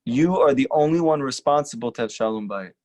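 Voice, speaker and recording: A rabbi giving an earnest, emphatic lecture and repeating short lines for stress. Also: male voice, medium pitch, expressive, brisk, darkish tone. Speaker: rabbi teaching a class. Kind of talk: earnest sermon-style lecture.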